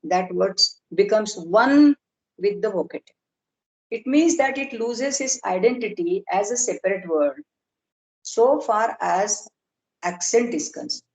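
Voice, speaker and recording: A woman lecturing on grammar in a workshop, explaining slowly and deliberately with pauses and fillers. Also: medium pitch, animated, a little mellow. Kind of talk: academic lecture in an online workshop. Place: video call. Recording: roomy echo.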